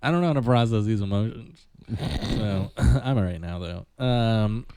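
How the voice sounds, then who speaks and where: A man's voice: lowish voice, a little slow, mellow, clear, resonant tone, no room sound. A young man, casually chatting and rambling through stories as a podcast co-host. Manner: laid-back, rambling storyteller. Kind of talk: casual chat.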